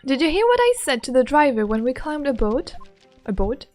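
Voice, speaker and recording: A woman's voice: high-pitched, sing-song, fairly quick, darkish tone, faint music behind. A woman reading the lines of a cheerful, polite young female assistant from a game in her own voice. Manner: reading game dialogue aloud plainly.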